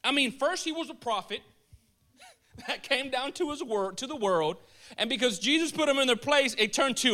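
A man preaching a casual, animated sermon in a colloquial way, chuckling as he goes. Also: very high-pitched, normal speed.

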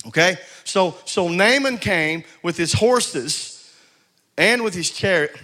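Man, pastor, preaching, high voice, calls for responses. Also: animated, slow pace, sharp tone. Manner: exhorting, repeats and stumbles over words, calls for responses. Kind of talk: sermon.

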